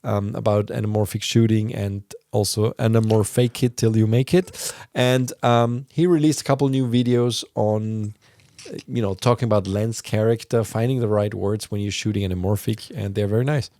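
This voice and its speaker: Male podcast host, low and mellow, bone-dry sound, loose rambling delivery. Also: fairly even intonation, moderate pace, no room sound. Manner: rambling, filler-heavy explaining. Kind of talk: casual podcast chat.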